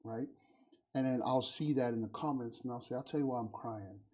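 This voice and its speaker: A man's voice: mid-range voice, fairly quick. A middle-aged man hosting a casual talk show, telling stories and acting out the voices of the people in them. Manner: warm storytelling, acts out quoted voices. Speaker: podcast host. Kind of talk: casual conversation.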